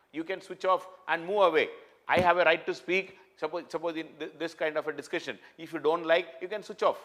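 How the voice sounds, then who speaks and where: A man's voice: fairly high pitch, fairly bright tone. A man giving a spoken lecture, emphatic and repetitive, often restarting his sentences and using fillers. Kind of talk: classroom lecture.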